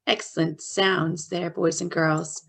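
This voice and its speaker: This teacher, a woman with a Canadian accent and a low-leaning, level voice, leads small children through phonics slowly and clearly, elongating the sounds of letters.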